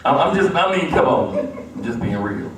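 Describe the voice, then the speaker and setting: A man's voice: medium pitch, big pitch swings, normal speed. A man preaching a sermon as pastor, building to emphatic repeated refrains in a church sanctuary. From United States. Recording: echoey church, distant mic.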